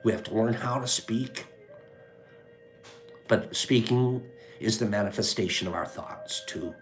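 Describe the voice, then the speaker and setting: A man hosting a live stream in a casual chat, reading viewers' names and their answers aloud. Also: fairly low pitch. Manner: reads chat names aloud, rattles off lists.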